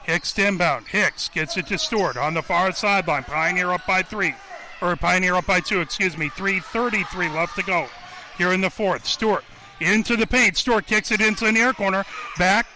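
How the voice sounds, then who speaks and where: A man with a high, forceful voice calls a basketball game for radio. He rattles off each pass in a quick running call and lifts his voice at every score. A faint hiss of noise sits under him. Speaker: radio play-by-play announcer. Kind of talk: basketball play-by-play commentary.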